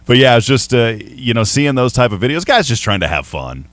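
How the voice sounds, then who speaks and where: A man's voice: medium pitch, very animated, a little fast, a bit bright, dry recording. A man with a Southern accent, hosting a sports radio show in a chatty, rambling way with playful ribbing. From Texas. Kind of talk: casual sports talk.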